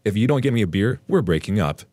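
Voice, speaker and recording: A man's voice: mid-range voice, huge pitch swings, fast talker, vocal fry, darkish tone, husky, no echo, voice pushed up, full character voice. A man reading the quoted lines of a sarcastic young girlfriend in a breezy, ironic tone.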